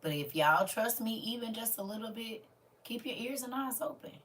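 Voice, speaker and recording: A woman's voice: on the high side, lively intonation, normal speed, a bit bright, far from the mic, a little hiss or hum. A woman, hosting a casual livestream and talking earnestly to her viewers as family. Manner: earnest, preachy, addresses listeners as family. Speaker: livestream host.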